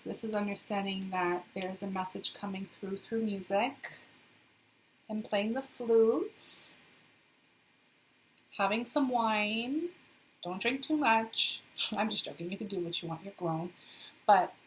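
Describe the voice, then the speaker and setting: A woman's voice: medium pitch, moderate pace, a little hiss or hum, rough recording. A young woman giving a casual tarot reading to her viewers, chatty and sassy, with playful asides. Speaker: tarot reader. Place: indoors in a hot, humid city flat.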